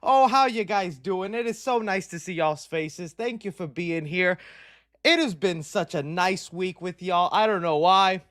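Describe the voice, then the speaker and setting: A man's voice: high-pitched, measured pace, fairly bright tone. Hyped, rambling man hosting a live stream. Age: around 30. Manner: hyped, playful and rambling, with slang. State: slightly out of breath. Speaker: livestream host. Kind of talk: casual live stream chat.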